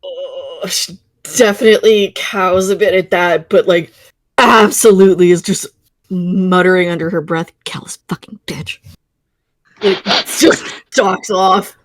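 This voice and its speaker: A woman's voice: on the low side, fairly even intonation, a little slow, no room sound. A woman playing a tabletop game, describing her character and reacting with exclamations. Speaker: player.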